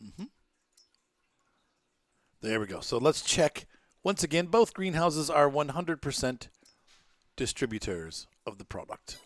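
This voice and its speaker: A man's voice: a little high, sing-song, a little slow, pauses often, no echo. Chatty man doing game commentary. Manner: chatty, self-mocking, mutters to himself. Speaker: gameplay commentator. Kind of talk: casual gameplay commentary.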